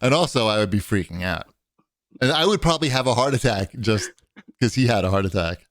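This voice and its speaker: A man's voice: lowish voice, brisk, no room sound. Rambling man telling a gym story. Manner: rambling storyteller, animated when quoting others. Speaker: podcast co-host. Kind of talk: casual chat.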